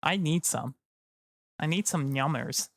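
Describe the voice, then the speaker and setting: A man's voice: on the high side, unhurried, creaky, a bit bright, no echo. A tired man chatting casually to his live-stream audience, rambling and joking. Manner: rambling, jokey, slips into silly voices. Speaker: livestreamer.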